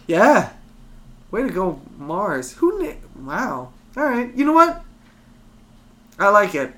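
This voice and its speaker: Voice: medium pitch, wildly swooping pitch, slow, a bit bright. A podcast co-host chatting casually, swearing freely and rambling from point to point. Frequent ums and restarts fill the gaps. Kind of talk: casual chat.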